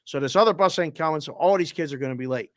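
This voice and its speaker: A man co-hosts a sports betting show in loose, animated chat, with plenty of swearing as he tells his stories. His voice sits fairly high. The sound is dry and close. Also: rapid-fire, no room sound. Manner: animated, profane storyteller.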